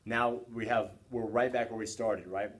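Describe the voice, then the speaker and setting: A man's voice: lowish voice, fairly even intonation, moderate pace. A man teaching history in a casual, conversational lecture, often checking in with his listeners. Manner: conversational, keeps asking "right?".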